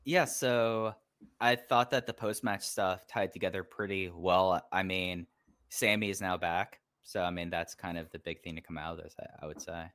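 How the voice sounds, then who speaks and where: A man's voice: low voice, steady tone, normal speed, fairly bright tone, dry recording. A man co-hosting a casual podcast, talking enthusiastically and rambling with lots of filler words. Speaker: podcast co-host. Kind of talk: casual chat.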